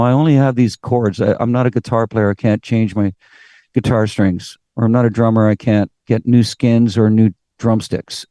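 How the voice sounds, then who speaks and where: A middle-aged Canadian man with a Canadian accent, a singer appearing as a guest in a casual interview, tells animated stories, acts out quotes, and swears casually. His voice sits at medium pitch, and the recording is dry with studio quality.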